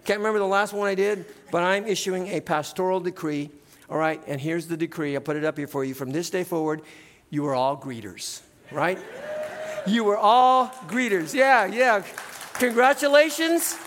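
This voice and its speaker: A middle-aged male pastor preaching in a church, in a relaxed conversational way, often tagging "right?" onto his points. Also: a little high, fairly quick, long reverb tail, a faint crowd. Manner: conversational, keeps adding "right?". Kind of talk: sermon. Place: church sanctuary.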